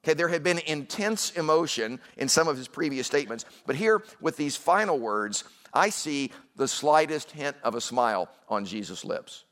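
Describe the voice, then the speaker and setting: A man's voice: on the high side, expressive, normal speed, few pauses, a bit bright. A man preaching a sermon in a conversational way, with asides and questions to the congregation. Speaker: pastor.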